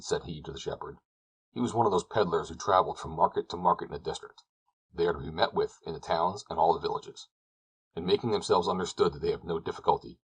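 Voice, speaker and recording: A man narrating a classic novel as an audiobook, in a measured, descriptive storytelling manner. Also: sits low, husky, low-quality recording.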